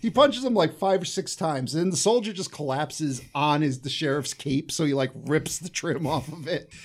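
A man's voice: a little high, normal speed. A man casually recapping a film's scenes with friends on a podcast, laughing as he retells them. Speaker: podcast co-host. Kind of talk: casual movie recap chat.

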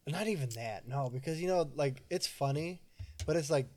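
A man's voice: a little high, animated, moderate pace, darkish tone. Laid-back man, casual swearing. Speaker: podcast co-host. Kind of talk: casual chat.

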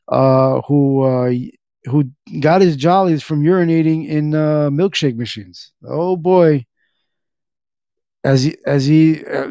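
A man hosts a casual podcast and chats with his live audience, rambling along with plenty of fillers and asides. His voice sits a little high but has a dark, mellow tone. It is recorded on a close mic in a dry room. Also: no echo. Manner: rambling, filler-heavy, joking with chat. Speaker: podcast host. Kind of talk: casual chat reading chat and articles.

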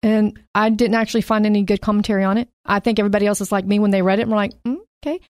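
A woman's voice: mid-range voice, level tone, a little mellow, dry recording, clean studio sound. Chatty woman leading a Bible study. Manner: chatty, laughs easily, reads scripture slowly. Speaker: podcast co-host. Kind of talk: casual Bible study chat.

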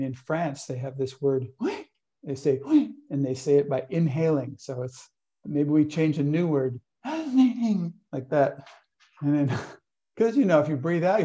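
Mellow man teaching with anecdotes. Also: fairly high pitch. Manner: loose, anecdotal, with acted-out inner voices. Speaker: workshop leader. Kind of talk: teaching talk.

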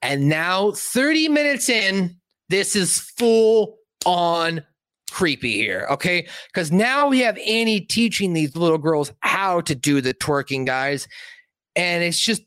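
A man's voice: high voice, big pitch swings, slow pace, a bit bright, smooth, no room sound. A young man reviewing a movie on a casual livestream, rambling and swearing, with many fillers.

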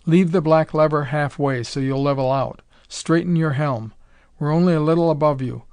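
A man voicing an urgent, brisk submarine commander who gives clipped orders. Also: a little high, steady tone, smooth, no room sound. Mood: commanding.

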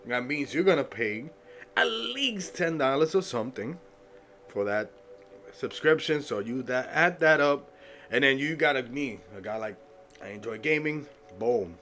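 A man with a stuffy nose hosts his podcast in loose, animated chat, tossing in jokes and sudden high whoops. His voice sits at a middle pitch, and faint music plays under it. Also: normal speed. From United States. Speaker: podcast host. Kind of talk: solo podcast talk.

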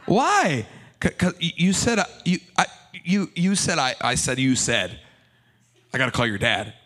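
A woman's voice: deep voice, animated, measured pace, fairly bright tone, full character voice. A man voicing a nervous, shy young woman in love who stammers as she speaks. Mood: flustered. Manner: hesitant, stammering.

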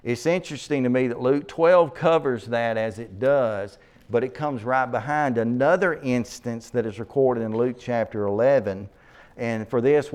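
A man's voice: medium pitch, a little mellow. A man preaching an expository sermon, reading scripture aloud with rising emphasis and breaking off to explain the verses. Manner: asks the listeners to turn to passages.

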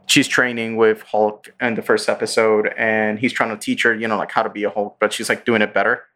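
A man's voice: on the low side, level tone, a little fast, sharp tone, slight background noise. A man hosting a podcast, casually recapping a show with lots of fillers and acted-out quotes. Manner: rambling, filler-heavy, acts out character lines. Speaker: podcast host.

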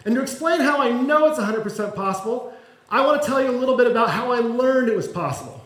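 A man with a high voice preaches a sermon, chatty and self-deprecating, joking as he goes. The sound is echoey, as if from a church sanctuary. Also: expressive, fast, a bit bright. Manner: conversational and self-deprecating, with humor. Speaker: pastor.

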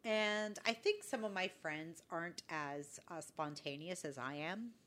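Telling a story on a podcast she co-hosts, a woman voices the quoted lines herself in easygoing chat. Her pitch sits fairly low, her pace is a little slow, and her tone is a bit bright.

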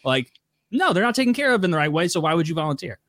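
A man's voice: on the high side, very animated, fast talker, a bit bright, no echo, studio quality. Opinionated man in casual podcast chat. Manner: opinionated, profane, laughs often. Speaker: podcast co-host.

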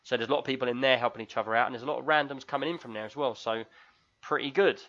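A man's voice: medium pitch, very fast, a bit bright. A man with a London accent hosting a podcast in casual chat, joking and reading listener reviews aloud. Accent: London English. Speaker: podcast host. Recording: tinny lo-fi mic.

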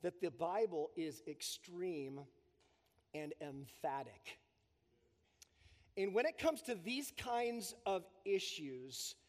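A man preaching an emphatic sermon as pastor, with big swings between loud punches and quiet drops. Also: high-pitched. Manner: emphatic, preaching with strong build-ups and drops. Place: church sanctuary. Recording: long reverb of a church hall.

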